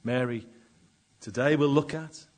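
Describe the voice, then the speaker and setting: A man preaching a sermon and reading scripture, dramatic, with slow emphatic pauses and sudden swells in loudness. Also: mid-range voice.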